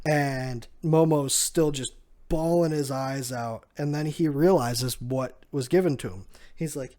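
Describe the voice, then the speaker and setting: A manga chapter reviewer casually recaps a comic chapter in a mellow, mid-range voice at a measured pace. He acts out the characters' lines and chuckles often along the way.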